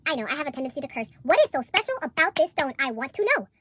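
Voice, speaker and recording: A woman chatting casually about an anime, excitable and slangy, swearing a lot. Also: high-pitched, rapid-fire, a little hiss or hum. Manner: excitable, slangy, swears a lot, laughs at her own jokes. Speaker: anime reviewer, co-host. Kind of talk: casual chat.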